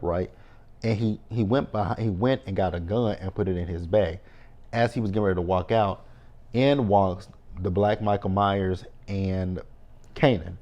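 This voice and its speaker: A man with a lowish voice recaps a TV episode in a loose, casual way. He talks animatedly, curses freely and keeps breaking into mocking asides. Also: lo-fi sound. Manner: animated, profane, quick to mock in exaggerated reactions. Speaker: TV recap host.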